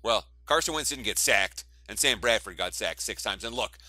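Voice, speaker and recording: Guy breaking down bets w/ a bright voice, laughs a lot, dry close sound. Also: lowish voice, animated, normal speed, no room sound. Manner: chuckling, analytical talk. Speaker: sports betting analyst co-host. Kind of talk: casual sports betting analysis.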